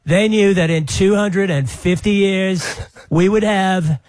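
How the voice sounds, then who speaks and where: A man's voice: high-pitched, takes it slowly, darkish tone, no room sound. Guy doing a blustery american president impression, all over the place. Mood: bombastic.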